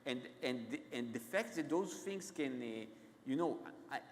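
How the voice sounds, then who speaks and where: A man with an Israeli accent, a guest author telling stories on stage in a halting, self-interrupting way. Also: medium pitch, lively intonation, slight background noise. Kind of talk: onstage conversation, anecdotal storytelling. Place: large event hall. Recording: echoey hall.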